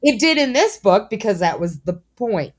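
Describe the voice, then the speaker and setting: A woman's voice: medium pitch, sing-song, normal speed. A woman co-hosting a podcast in casual chat, blunt and emphatic, swearing for stress. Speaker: podcast co-host.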